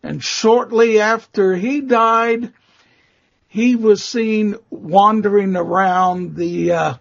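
Slow, gravelly man with a husky voice. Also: sits high, steady tone. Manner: slow, halting, many fillers. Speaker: guest expert on vampire lore. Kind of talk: conversational storytelling interview. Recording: muffled lo-fi audio.

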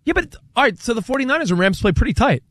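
A man co-hosting a sports talk show, excitedly walking through a team's schedule in casual debate. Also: very high voice, racing, dry recording, studio quality.

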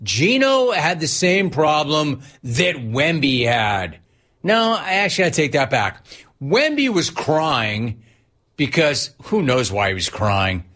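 A man hosting a sports talk radio show, sarcastic and animated as he reads out listener messages and riffs on them. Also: on the high side, takes it slowly.

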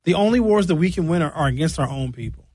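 Brief: American man, sarcastic comic ranting, fairly high voice, dry close sound. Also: fast talker, husky, no echo, poor audio. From United States. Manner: sarcastic, animated, mocking. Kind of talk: comedic political rant.

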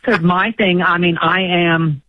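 A man's voice: sits high, level tone, slight background noise. Older male caller on a tinny phone line. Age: 60s. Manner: agreeable, halting, with restarts. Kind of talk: call-in radio conversation.

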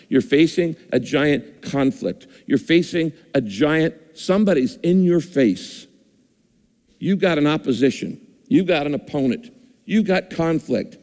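A pastor with a voice a touch higher than most men's delivers a sermon in an easy, conversational way. He circles back and repeats his phrases as he talks. His voice rings out through the long reverb of a church hall. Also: a little mellow. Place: church or auditorium with a screen.

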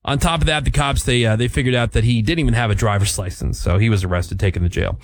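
A man's voice: mid-range voice, quick pace. A middle-aged man, hosting a casual talk show and telling stories, acting out the quotes in them. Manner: animated storyteller, acts out quotes. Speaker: radio show host.

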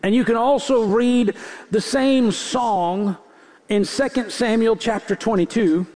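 High voiced guy preaching, punchy repeated lines, big echoey auditorium. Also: a little slow, a little mellow. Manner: emphatic preaching with rhythmic repetition. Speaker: pastor. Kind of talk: sermon. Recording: long hall reverb.

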